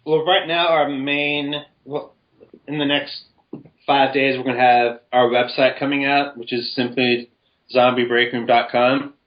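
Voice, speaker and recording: A man's voice: medium pitch, fairly even intonation, a little slow. Eager rambling male guest, lo-fi sound. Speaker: podcast guest, web series creator. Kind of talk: casual interview chat.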